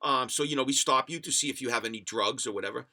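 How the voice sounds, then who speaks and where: A man voicing a stern male highway cop, speaking halting broken English. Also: pushed and bright. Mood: blunt, explaining.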